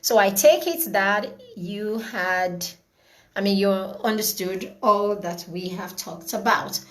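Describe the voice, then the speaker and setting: A woman's voice: medium pitch, slow. Chatty woman hosting an online class. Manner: chatty, greets viewers by name, repeats words. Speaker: parenting class host. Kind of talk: live online class wrap-up.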